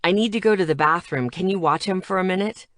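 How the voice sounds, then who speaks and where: A woman voicing a gentle, weary young man in an audiobook, with a soft, low-key delivery. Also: quick pace, dry recording, studio quality, close to an everyday voice. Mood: teasing.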